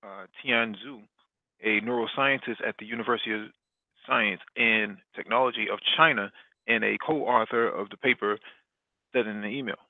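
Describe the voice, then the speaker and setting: A podcast host reading a news article aloud, stumbling and restarting now and then. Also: male voice, fairly low pitch, fairly even intonation, normal speed, no room sound. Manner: reads with frequent restarts. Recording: dry, tinny phone-like line.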